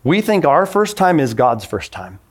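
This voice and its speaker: A man's voice: on the high side, very animated, normal speed, husky. A man in his forties preaching a sermon in a casual, conversational way, acting out the voices he quotes. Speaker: pastor.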